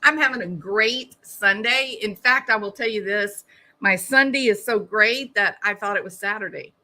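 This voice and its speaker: Woman, middle-aged, bright, wry, chatty, casual live-stream host. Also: mid-range voice, moderate pace. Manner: wry, chatty, laughs at her own jokes. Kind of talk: casual live-stream chat reading comments.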